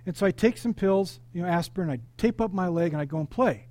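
A male pastor delivering an animated sermon, calling out questions to the congregation and telling personal stories. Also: high voice, fast. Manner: animated, interactive preaching with congregation call-outs.

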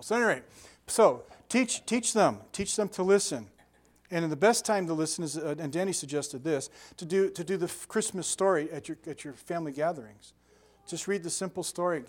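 An older man giving a sermon as pastor, telling lively stories with sound effects and asides. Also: on the high side.

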